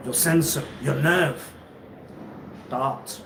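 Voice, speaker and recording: A man hosting a live stream, rambling and halting, who repeats himself and laughs often. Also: fairly high pitch, recorded from a distance. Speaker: livestream host. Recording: echoey room, off-mic, noisy ambience.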